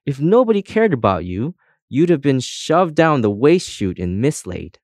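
A man's voice: mid-range voice, sing-song, normal speed, no room sound, studio quality, pitched above the performer's own voice, natural voice. A man voicing a cheery, folksy male sheriff made of spectacles, talking in a hearty, jokey drawl.

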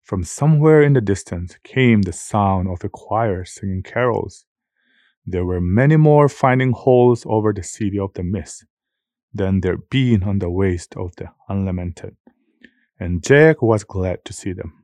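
Low-voiced man reading a story. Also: no echo, clean studio sound. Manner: measured, steady storytelling. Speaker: narrator. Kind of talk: scripted audiobook narration.

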